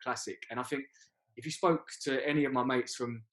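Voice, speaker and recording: A man chatting casually as a panel guest, relaxed and halting with fillers. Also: mid-range voice.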